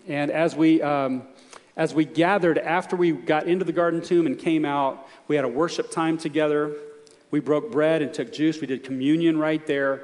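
A man's voice: fairly high pitch, darkish tone. Male pastor mid-sermon, earnest storyteller, voice ringing through a big hall. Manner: storytelling, earnest, emphatic questions to the congregation.

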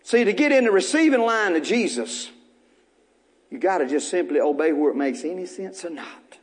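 High-voiced preacher man. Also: sing-song, normal speed. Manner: call-and-response preaching, repeating short phrases to the congregation; folksy, joking asides. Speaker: pastor. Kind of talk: sermon.

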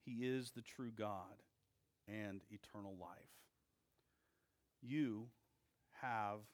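A male pastor preaching a sermon, with slow, deliberate phrasing and emphatic pauses between short phrases. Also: lowish voice.

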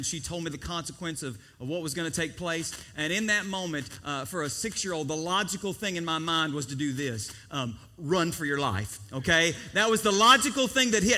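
A man's voice: sits high, pushed and bright. A man in his thirties preaching a sermon, telling a childhood story with acted-out quotes and questions to the congregation. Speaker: pastor.

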